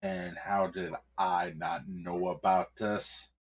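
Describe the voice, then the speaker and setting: A man plays a big, commanding mayor in an improvised fantasy tale, his deep voice dragging each word out slowly and sternly. He sounds imposing and in charge. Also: flat delivery.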